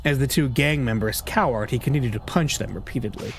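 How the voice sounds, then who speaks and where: A man reading a story game's text aloud in an even narrating voice. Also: mid-range voice, fast talker, gravelly, hardly any pauses, a little hiss or hum. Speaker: let's-play narrator.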